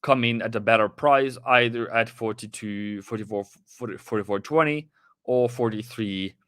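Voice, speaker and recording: Guy rambling thru live market talk, kinda breathless, bright voice, dry close mic. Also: medium pitch, moderate pace, clear, resonant tone, dry recording. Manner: rambling, chatty, with restarts and asides to viewers. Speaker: trading livestream host. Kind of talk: casual live market commentary.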